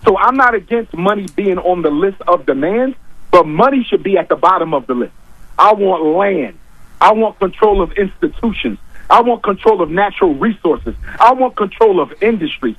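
Emphatic high-voiced man, dull dry audio. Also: expressive, normal speed, husky, dry recording. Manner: forceful, repeats key points for emphasis. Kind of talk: emphatic talk-show argument.

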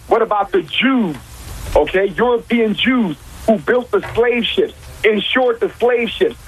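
A man's voice: high voice, slightly rough, low-quality recording. A man arguing his points with emphasis on a talk show, repeating key lines and asking rhetorical questions. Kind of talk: impassioned talk-show argument.

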